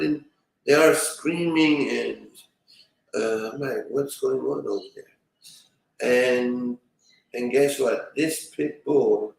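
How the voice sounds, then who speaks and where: Male streamer, slow rambling delivery, heard from off-mic in a very echoey room. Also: mid-range voice, gravelly, recorded from a distance. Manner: rambling, fills with "you know". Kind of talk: casual storytelling to viewers.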